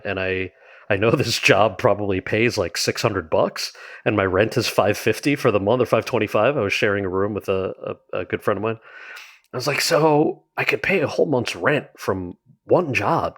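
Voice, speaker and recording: A man talking as a guest about his memoir in an interview, telling candid, wry stories in a conversational way. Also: on the low side. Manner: animated, candid, wry storyteller. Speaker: guest author.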